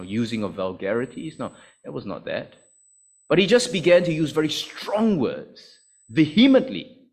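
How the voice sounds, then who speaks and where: A man preaching a sermon in a conversational, explanatory way with many asides. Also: medium pitch.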